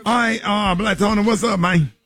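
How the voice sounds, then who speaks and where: A man's voice: sits high, fairly even intonation, moderate pace, fairly bright tone, faint music behind. A man hosting a morning radio show, bantering in a bouncy, laid-back way.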